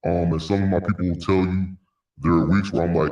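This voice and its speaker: Deep-voiced man recapping football, echoey room. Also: steady tone, normal speed, darkish tone, far from the mic, highs cut off. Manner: rambling, repeats words, frequent sighs and laughs. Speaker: sports podcast host. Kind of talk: casual solo sports recap.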